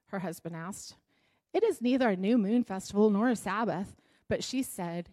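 A woman's voice: medium pitch, moderate pace, a little mellow. A woman teaching a Bible story in a conversational sermon, often asking the audience questions.

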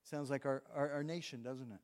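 A man's voice: medium pitch, steady tone, brisk, a little mellow. A man preaching a sermon in a conversational way, reading scripture aloud between his own remarks. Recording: long reverb of a large hall.

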